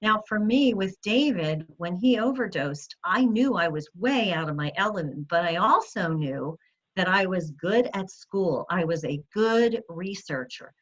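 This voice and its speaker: A woman's voice: on the low side, expressive, unhurried, highs cut off. Woman giving a coaching-style talk. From United States. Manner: storytelling, direct and coaching. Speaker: speaker. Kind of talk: motivational talk.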